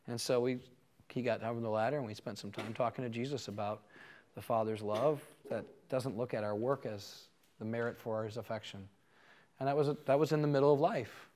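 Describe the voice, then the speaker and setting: A man's voice: mid-range voice, steady tone, a little fast, a little mellow. A man giving a conversational teaching talk to a live audience, telling stories in an earnest way. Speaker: conference speaker.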